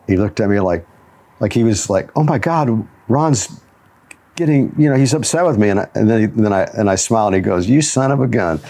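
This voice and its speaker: Lower-voiced man hosting a motivational show. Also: expressive, brisk, warm tone. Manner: storytelling with frequent chuckles. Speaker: show host and jiu-jitsu instructor. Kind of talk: motivational talk-show chat.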